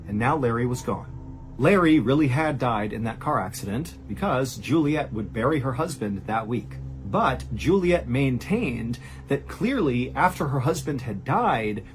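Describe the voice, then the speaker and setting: A man hosting a storytelling show, narrating a true horror tale in a conversational way, full of "and so" and "like", dropping low and quiet at grim moments. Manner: animated, rises high for quoted cries; conversational, uses "like" and "and so". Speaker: storyteller host.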